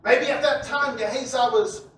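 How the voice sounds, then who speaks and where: A man preaching a sermon who repeats himself and builds up to loud, shouted passages. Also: very high voice, fairly even intonation, normal speed. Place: church. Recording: echoey church hall from a distant mic with faint noise.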